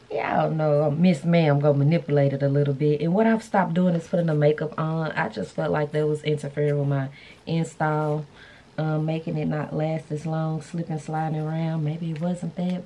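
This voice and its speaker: A woman talks with a somewhat low voice in a chatty, playful way, speaking straight to her viewers as she styles her hair. There is a faint hum of room ambience behind her. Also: warm tone. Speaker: vlogger. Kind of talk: casual beauty vlog chat. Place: indoors, hotel room.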